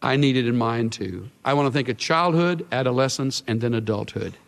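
A male pastor preaching a sermon in an earnest way, his voice swelling and then dropping to a hush. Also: mid-range voice, a little fast, vocal fry. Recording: long hall reverb.

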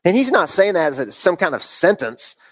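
A middle-aged man preaches a sermon in a relaxed, conversational way. He fires off rhetorical questions and often adds "man", and his voice sits a little higher than most men's. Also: fairly quick. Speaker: pastor.

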